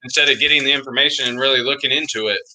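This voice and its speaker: Casting note: male podcast co-host, bright forceful tone, emphatic and insistent, casual slangy chat. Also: mid-range voice, fairly even intonation, very fast, rough recording. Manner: emphatic, insistent, says "dude" a lot.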